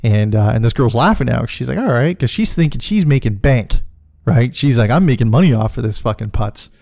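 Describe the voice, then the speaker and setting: Profane, animated man telling a story. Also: medium pitch, no echo, studio quality. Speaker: podcast host. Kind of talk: comic personal storytelling.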